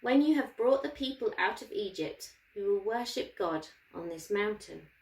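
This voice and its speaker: A woman voicing God as a calm male deity, speaking slowly and solemnly in a Bible reading for children. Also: mid-range voice, creaky, reverberant, rough recording. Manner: slow, measured, solemn.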